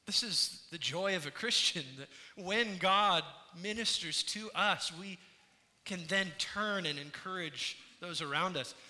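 High, bright-voiced man preaching in a hall. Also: a little slow. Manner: earnest preaching, swinging from hushed to emphatic. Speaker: pastor. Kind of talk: sermon. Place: church sanctuary. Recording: reverberant hall sound.

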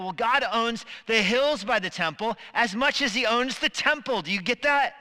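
Guy preaching a sermon, bright forceful voice, long church reverb, acts out little voices. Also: extremely high pitch, moderate pace, few pauses. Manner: animated, acts out quoted voices. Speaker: pastor. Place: church sanctuary.

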